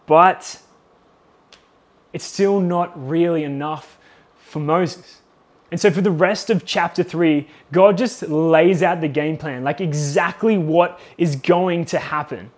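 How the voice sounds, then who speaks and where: A man's voice: on the high side, takes it slowly. A young man preaching a sermon in an earnest, conversational way, often saying "like" and speaking in the voices of the people in the story.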